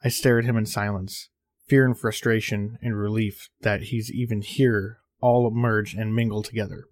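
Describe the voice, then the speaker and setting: A man hosting a podcast, narrating a horror story in a measured reading with small slips. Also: lowish voice, no echo, clean studio sound.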